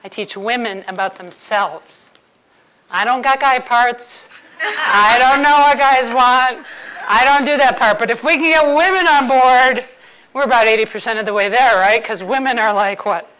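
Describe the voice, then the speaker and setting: A woman's voice: fairly high pitch, normal speed, a bit bright, poor audio. A woman author giving a humorous talk to a live audience, playfully quizzing the crowd. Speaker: author and intimacy speaker.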